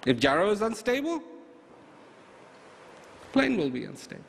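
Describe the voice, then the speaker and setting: A man delivers a motivational talk in an emphatic, storytelling manner, full of rhetorical questions. His voice is high and swings widely in pitch. He is recorded in a reverberant hall with faint ambience behind him. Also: wildly swooping pitch, moderate pace, vocal fry, slight background noise. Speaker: motivational speaker.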